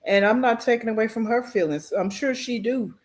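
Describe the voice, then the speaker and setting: A woman's voice: a little high, brisk. Blunt woman reacting to a video. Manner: blunt, critical, emphatic. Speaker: reaction channel host. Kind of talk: reaction commentary.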